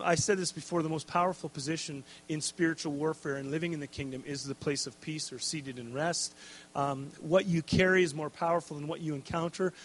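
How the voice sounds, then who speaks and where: A man preaching a casual, conversational sermon, checking in with "okay?" and adding jokey asides. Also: fairly high pitch. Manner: conversational, tags lines with "okay?" and "right?".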